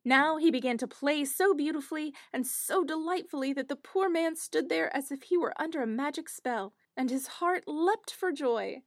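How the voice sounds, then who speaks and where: A woman narrating a fairy tale in an expressive storybook style. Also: high-pitched, moderate pace, few pauses, dry recording, clean studio sound.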